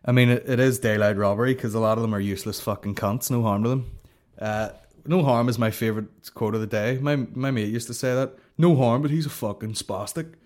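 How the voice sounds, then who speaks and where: A man's voice: lowish voice, steady tone, quick pace, few pauses, darkish tone. A man hosting a comedy podcast, rambling in profane, sarcastic banter. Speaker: podcast host.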